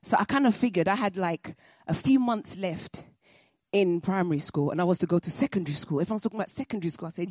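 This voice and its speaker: A woman telling a personal story to an audience, animated and comic with laughing asides. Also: medium pitch, brisk, long pauses, breathy edge, dry recording, studio quality.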